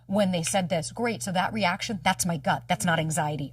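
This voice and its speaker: A woman in her thirties, a dating coach talking candidly, quick and emphatic, swearing freely and acting out the lines of people she quotes. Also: lowish voice, slightly rough, no echo, far from the mic. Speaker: dating coach, podcast guest.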